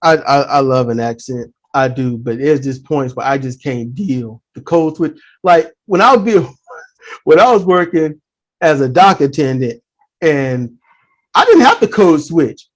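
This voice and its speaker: A man hosting a casual podcast chat, an animated storyteller with blunt, profane talk. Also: fairly high pitch, a little slow.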